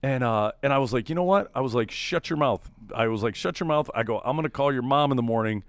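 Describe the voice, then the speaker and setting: A man co-hosting a casual radio-style chat, telling a story and acting out quotes loudly. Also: medium pitch, very fast, clear, resonant tone, dry recording. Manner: animated, acts out quotes loudly. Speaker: podcast co-host.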